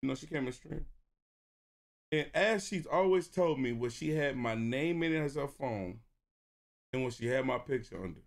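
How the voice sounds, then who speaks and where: A man streaming a casual movie reaction, telling stories in an animated, profane, laughing way. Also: mid-range voice, normal speed.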